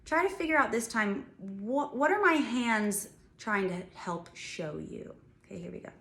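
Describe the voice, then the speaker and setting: A woman music teacher giving a children's music lesson, talking straight to the kids in a bright, encouraging way. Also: a little high, expressive, a little slow.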